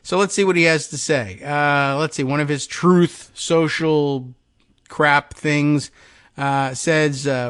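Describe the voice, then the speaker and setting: A man's voice: a little high, takes it slowly, a bit bright, smooth, dry recording, clean studio sound. A man hosting a political talk show, giving loose, sarcastic commentary with mocking asides. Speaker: political podcast host. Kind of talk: talk-radio style news commentary.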